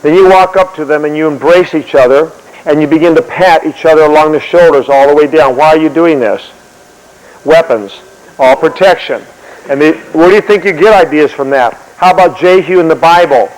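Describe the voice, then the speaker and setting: A man delivers a sermon built on history stories, animated and often restarting his words. His voice sits a little high. A long hall reverb trails every phrase. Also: a little fast. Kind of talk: sermon-style history storytelling.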